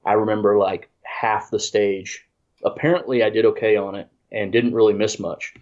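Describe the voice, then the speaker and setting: Low-voiced man, rambling story. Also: steady tone, moderate pace, darkish tone. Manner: rambling, self-deprecating, many restarts. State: congested. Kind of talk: casual storytelling. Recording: dull lo-fi audio.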